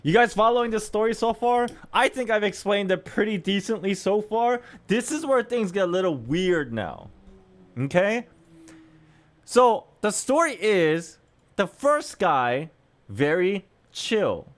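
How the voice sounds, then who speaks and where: A man in his thirties tells a story with loose, chatty energy, and his voice swings widely up and down. His voice sits a little on the high side. He laughs now and then as he talks. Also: measured pace. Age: 30s. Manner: animated, chatty, laughs between lines. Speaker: streamer. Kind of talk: casual storytelling.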